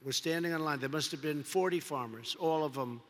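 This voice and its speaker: A man's voice: a little high, fairly quick, a bit bright. A man giving a rally speech as a politician, rambling and repeating himself, piling on superlatives. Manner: rambling, repetitive, heavy on superlatives. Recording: long reverb of a large hall.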